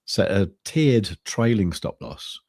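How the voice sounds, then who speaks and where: A man chatting casually as co-host of a crypto trading stream, rambling and halting, with many restarts and fillers. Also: lowish voice, very animated, a little mellow, no echo, clean studio sound. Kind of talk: casual chat.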